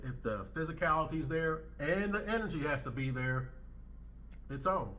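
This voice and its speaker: Blunt, bright-voiced male commentator. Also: on the high side. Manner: blunt, emphatic, repeats his points. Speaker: commentary channel host. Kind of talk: reaction commentary on clips.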